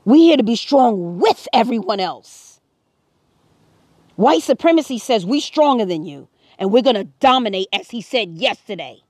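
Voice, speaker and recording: A woman's voice: a little high, lively intonation, normal speed, darkish tone, dry recording, clean studio sound. A woman speaking to camera, earnest and preachy, her voice rising to emphatic peaks. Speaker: vlogger. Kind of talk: impassioned personal commentary.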